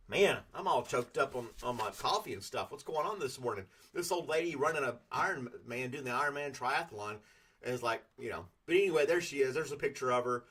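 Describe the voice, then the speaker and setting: A man's voice: mid-range voice, a bit bright. A man hosting a casual morning podcast, rambling in a folksy, self-deprecating way. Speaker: podcast host.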